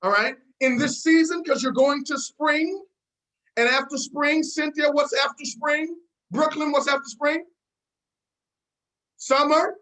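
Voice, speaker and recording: A woman's voice: high-pitched, measured pace, pauses often, fairly bright tone, rough recording. A woman hosting a team video call, giving a fired-up motivational pep talk, repeating herself and calling out listeners by name.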